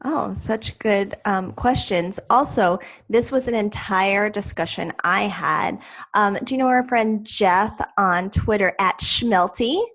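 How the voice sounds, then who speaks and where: A woman's voice: medium pitch, takes it slowly. A woman co-hosting a podcast in casual chat, telling everyday stories in a chatty way. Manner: chatty storyteller, lively retelling. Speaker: podcast co-host.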